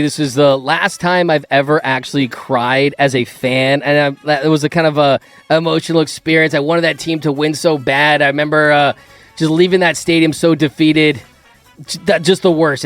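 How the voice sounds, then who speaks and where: A middle-aged man hosting a sports talk show, telling lively stories in a casual, animated way. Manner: animated, acts out his own past outbursts in a higher voice. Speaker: sports podcast host. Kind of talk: casual storytelling chat.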